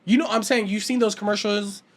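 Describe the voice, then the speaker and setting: A man's voice: high-pitched, a little fast. A young man co-hosting a casual podcast, telling school stories with lots of swearing and acted-out quotes. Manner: animated, swears a lot, acts out quoted voices. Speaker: podcast co-host. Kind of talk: casual chat, storytelling.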